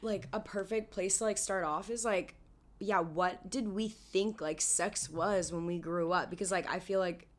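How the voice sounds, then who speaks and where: A young woman's raspy, husky voice sits a touch low as she co-hosts a laid-back podcast. She sounds like she's coming down with something and talks in loose, rambling runs, often restarting her sentences. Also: fairly even intonation, moderate pace. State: getting sick. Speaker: podcast co-host. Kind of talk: casual chat.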